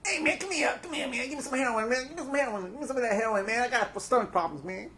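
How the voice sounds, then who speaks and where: A man's voice: very high voice, lively intonation, very fast, a crowd in the background, pitched above the performer's own voice. A man putting on a mumbling, drugged-out male rock star voice, slurring and ending every line with "man.". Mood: whiny. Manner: slurred drawl, repeats "man".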